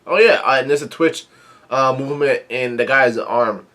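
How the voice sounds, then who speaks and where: A man casually recapping a manga chapter, rambling with many fillers and reading the dialogue out flatly. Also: mid-range voice, moderate pace. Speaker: manga reviewer.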